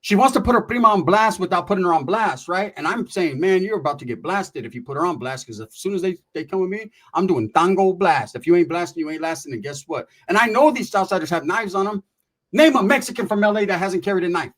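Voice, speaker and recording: A middle-aged man from California telling a casual comic story in an animated, profane and slangy way, with quick asides to the listener. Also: high voice. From Merced, California.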